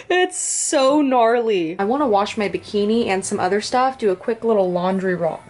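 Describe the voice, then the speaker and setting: A woman's voice: medium pitch, animated, normal speed, a little mellow. A young woman vlogging at home about her competition prep, chatty and bubbly, talking into a handheld camera and often saying "dude". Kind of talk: casual vlog chat.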